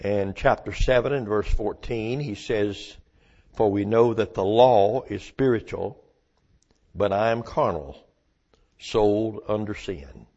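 A man delivers a sermon slowly and deliberately, stressing single words and leaving long pauses. His voice is somewhat low, gravelly and darkish, and the recording is a little muffled and lo-fi.

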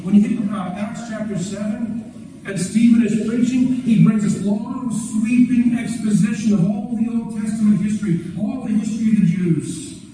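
A man's voice: sits high, steady tone, moderate pace, noisy background. A man preaching an earnest expository sermon as a pastor, stressing key phrases through repetition. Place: church sanctuary. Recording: echoey church hall, mic at a distance.

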